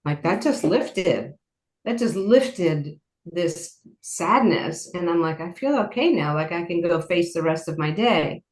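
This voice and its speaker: A woman who founded a horse program tells personal stories as an interview guest, speaking earnestly and ramblingly and often saying "like." Her voice is fairly low and slow-paced. The recording has a roomy echo.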